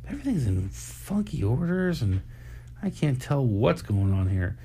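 A man's voice: medium pitch, big pitch swings, moderate pace, mellow, slight background noise. A man hosting a live stream, rambling casually with apologies and laughs.

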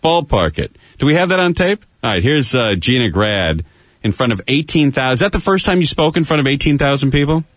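A man's voice: mid-range voice, expressive, a little fast, dry recording. Teasing radio talk host, man. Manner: joking, teasing, loose and chatty. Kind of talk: casual radio chat. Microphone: studio microphone.

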